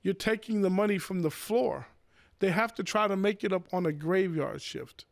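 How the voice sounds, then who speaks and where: High-voiced man telling animated stories. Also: moderate pace, gravelly, dry recording, clean studio sound. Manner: animated, repeats words, swears, acts out quotes in raised voice. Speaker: professional sports bettor. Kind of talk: casual storytelling.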